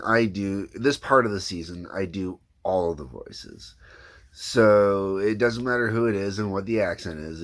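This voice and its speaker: A man with a low, deep voice talks in a loose, meandering way. He is the creator and host of his own animation series, chatting casually about how it gets made. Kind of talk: casual behind-the-scenes chat.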